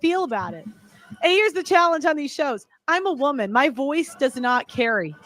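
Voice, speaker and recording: A woman's voice: sits high, lively intonation, normal speed, a bit bright, no room sound. A woman speaking as a panel guest in a heated discussion, exasperated and defensive.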